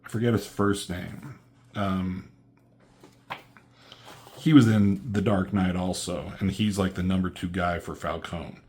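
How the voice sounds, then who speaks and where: Male reviewer, very low voice, casual, rambling, filler-heavy, salty slang. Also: steady tone, a little slow, long pauses, a little mellow. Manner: rambling, lots of "um" and "like"; profane, loose slang. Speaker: comic book reviewer.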